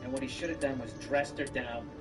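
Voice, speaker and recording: A man's voice: mid-range voice, steady tone, a little fast. A man in casual chat, ranting with heat and lots of swearing. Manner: heated, profane, acts out angry rants. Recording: stream audio with clear game music.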